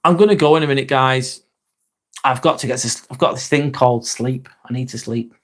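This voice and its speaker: A man's voice: medium pitch, a little fast. An English man hosting a casual live-stream chat, joking, teasing himself and swearing freely. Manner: sweary, joking and self-mocking.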